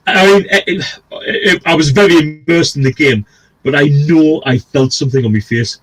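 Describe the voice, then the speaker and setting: A man's voice: a little high, moderate pace, rough recording. A man, co-hosting a gaming stream and telling a long, sweary, rambling story in a casual way. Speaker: stream co-host.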